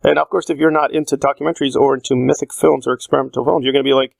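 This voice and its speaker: A man's voice: mid-range voice, fairly even intonation, very fast, vocal fry, few pauses, darkish tone, no room sound. A man talking through a casual spoken film essay, thinking aloud with frequent fillers and restarts. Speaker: video essayist.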